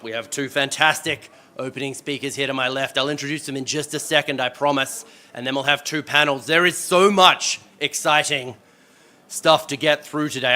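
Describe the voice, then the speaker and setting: Upbeat Australian man moderating a panel. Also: mid-range voice. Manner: energetic, self-deprecating, joking. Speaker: event moderator.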